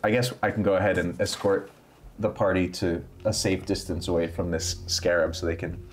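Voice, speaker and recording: Easygoing dude playing a tabletop game. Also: male voice, low voice, little pitch movement, a little fast, a little hiss or hum. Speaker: player. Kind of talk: casual tabletop game play.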